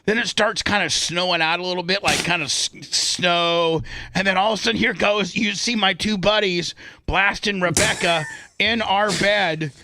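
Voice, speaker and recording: A man's voice: high voice, normal speed, background noise. A middle-aged male radio host telling a long, rambling story on the air and acting out the voices of the people in it. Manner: rambling, animated, acts out quotes.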